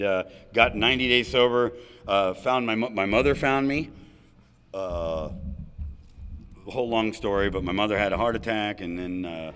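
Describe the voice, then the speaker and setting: A man's voice: lowish voice, bright, forceful tone. A man sharing his recovery story at a gathering, candid and funny, with asides to the audience. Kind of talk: personal recovery talk at a roundup. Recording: hall reverb.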